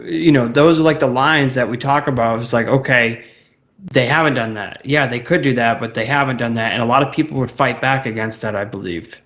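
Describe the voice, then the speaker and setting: Young male co-host, mid pitch, skeptical pushback, casual debate, slightly muffled sound. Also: brisk, fairly bright tone. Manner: skeptical, pushes back. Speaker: podcast co-host.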